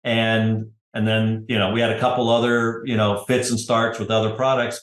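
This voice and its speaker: A middle-aged man, a podcast guest, telling his story in relaxed conversation, often adding "you know" and "right?". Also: lowish voice, moderate pace, hardly any pauses, echoey room. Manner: conversational, tag questions, frequent "you know". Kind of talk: casual interview storytelling.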